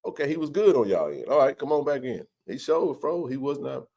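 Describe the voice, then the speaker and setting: A man's voice: medium pitch, big pitch swings, brisk, warm tone. A man hosting a live sports chat stream, joking loosely and greeting viewers by name.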